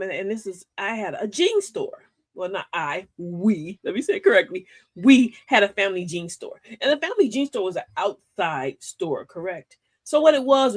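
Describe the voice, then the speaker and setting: An older woman hosting a live-stream talk, giving life advice emphatically, telling stories and calling listeners baby and y'all. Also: medium pitch. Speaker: host of a live advice show.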